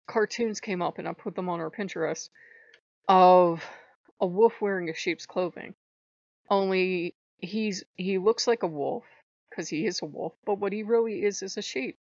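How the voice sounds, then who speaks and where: Woman vlogger, profane and chatty, laughs through her lines; flat lo-fi sound with no room. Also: fairly low pitch, no room sound. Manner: blunt and profane, laughs often mid-sentence. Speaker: Lokean spiritual vlogger. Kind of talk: casual rambling monologue. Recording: dull lo-fi dry sound.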